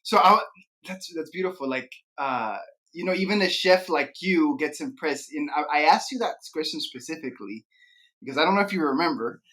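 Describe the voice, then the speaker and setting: A man hosting a podcast interview, laid-back and slangy, with quick reactions. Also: on the high side, lively intonation, bright, forceful tone. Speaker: podcast host.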